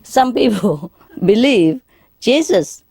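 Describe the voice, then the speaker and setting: A woman's voice: a little high, animated, slow pace, a little mellow, breathy edge, no room sound. A woman telling jokes in a lecture, often chuckling and asking the audience questions. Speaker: spiritual teacher lecturing an audience. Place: lecture hall in Paris.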